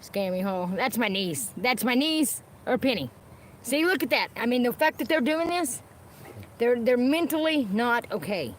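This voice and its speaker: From inside her car, a woman livestreams an unscripted rant to her viewers, angrily swearing at the people she's discussing and repeating phrases. Her voice is a little high and animated at a normal speed. Faint background noise and nearby dogs can be heard.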